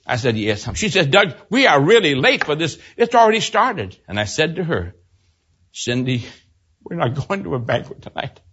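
An older man preaching a sermon, telling a personal story and swinging from loud exclaims to hushed low storytelling. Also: sing-song, normal speed, slightly rough, highs cut off.

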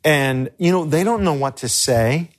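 A middle-aged man, a pastor, teaching crisis care in an earnest, halting, conversational way with personal stories. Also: on the high side, expressive. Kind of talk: instructional talk with personal stories.

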